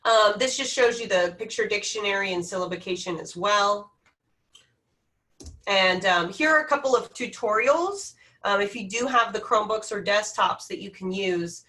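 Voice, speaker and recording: A woman's voice: mid-range voice, moderate pace, pushed and bright, distant mic. A woman presenting classroom tech tools in a webinar, talking with frequent hesitations. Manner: hesitant, many ums. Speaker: education technology presenter.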